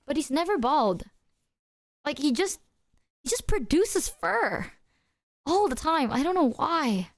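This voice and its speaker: Giggly young woman chatting on her stream, kinda high voice, super dry desk mic. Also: slow, long pauses, no room sound. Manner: animated, giggly, talks to her cat. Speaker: livestreamer. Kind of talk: casual live-stream chat.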